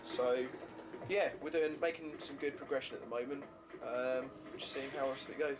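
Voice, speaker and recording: A man's voice: mid-range voice, fairly even intonation, moderate pace, background noise. A man casually commentating on his own gameplay, swearing now and then at setbacks. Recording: game music under the voice.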